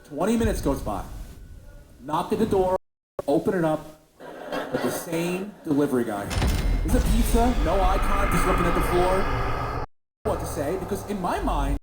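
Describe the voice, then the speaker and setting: A man doing stand-up storytelling, animated and jumping up into high voices for the characters. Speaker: stand-up comedian. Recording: echoey venue with background noise.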